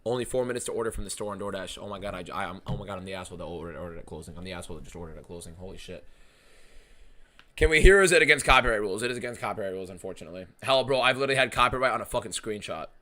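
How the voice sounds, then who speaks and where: A young man hosting a live fight watchalong stream, talking casually and excitedly, swearing a lot and reading out viewer messages. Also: lowish voice, rapid-fire. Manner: excitable, profane, reads chat aloud.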